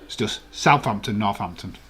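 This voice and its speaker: A man's voice: on the low side, expressive, normal speed, a bit bright. A man from West Yorkshire with a Yorkshire accent, hosting a casual live watch-along and chatting playfully and argumentatively with his viewers. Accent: Yorkshire English. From West Yorkshire, England. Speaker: live stream host.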